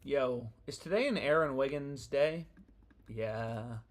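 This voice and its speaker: A man's voice: mid-range voice, slow. A young man chatting casually on a live stream about sports bets, slangy and profane, rambling from thought to thought. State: annoyed.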